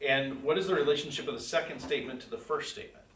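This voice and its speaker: Talking very fast in a medium-pitched, fairly bright voice, a man leads a church Bible class in a casual, conversational way. He asks the class questions and reads verses aloud with emphasis. The audio is echoey and far from the mic, with faint hiss.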